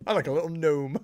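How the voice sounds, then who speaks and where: Lively young man streaming. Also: a little high. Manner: chatty, laughs often, self-mocking. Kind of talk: casual livestream chat while playing.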